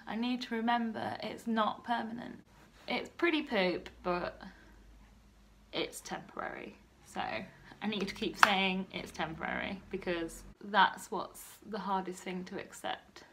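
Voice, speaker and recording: A woman in her twenties, talking softly and a bit nervously in a personal vlog. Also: medium pitch, lively intonation, measured pace, background noise. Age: 20s. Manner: soft-spoken and nervous, often hushed. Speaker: vlogger.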